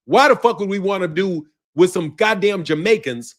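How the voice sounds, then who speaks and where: A man hosting a commentary channel, ranting loudly and profanely and laughing often between lines. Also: sits high, moderate pace. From United States. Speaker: boxing commentary channel host.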